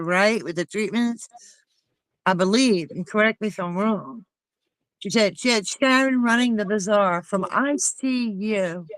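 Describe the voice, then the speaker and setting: A woman's voice: medium pitch, no echo, low-quality recording. A woman hosting a casual chat with friends, talking in an indignant, emphatic way.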